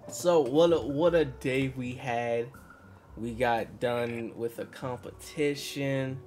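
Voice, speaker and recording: A man's voice: mid-range voice, slow, darkish tone. A man hosting a casual live stream, playful and self-mocking, laughing often. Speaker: streamer host. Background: background music.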